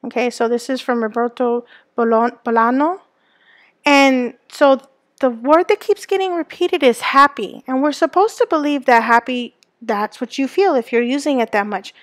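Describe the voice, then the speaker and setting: High-voiced woman teaching a lesson. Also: normal speed, fairly bright tone, no echo. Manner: explanatory, checks in with "okay?" and "right?". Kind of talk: recorded classroom lesson.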